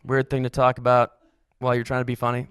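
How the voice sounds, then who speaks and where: A young man doing a deadpan, self-deprecating stand-up set on a comedy stage. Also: mid-range voice, fast, smooth, dry recording.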